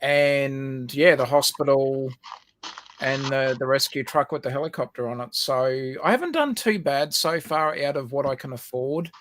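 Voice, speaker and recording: A man's voice: mid-range voice, normal speed, fairly bright tone, slight background noise. An Australian man co-hosting a livestream, rambling and giggling, with lots of ums and restarts. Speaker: livestream co-host. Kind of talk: casual chat.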